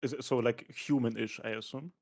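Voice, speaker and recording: A man's voice: medium pitch, steady tone, fairly quick, a little mellow. A man taking part as a player in a tabletop game, thinking aloud and hesitating as he decides what his character does.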